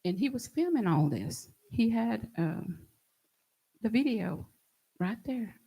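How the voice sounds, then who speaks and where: Woman, gravelly and husky, earnest and halting personal account. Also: a little high, sing-song, dark tone, poor audio. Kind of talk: recounting a personal story.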